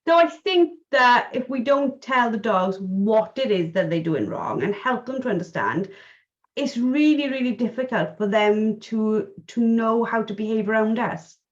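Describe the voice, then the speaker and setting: A woman's voice: a little high, lively intonation, measured pace, dull audio. A woman hosting a casual podcast chat about dog training, talking things through and acting out little quoted scenes. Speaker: podcast host.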